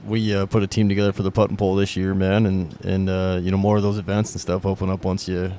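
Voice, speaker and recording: A man's voice: low-pitched, level tone, fast, mellow, slight background noise. A male podcast host speaking reflectively in casual conversation, rambling a little and often saying "man".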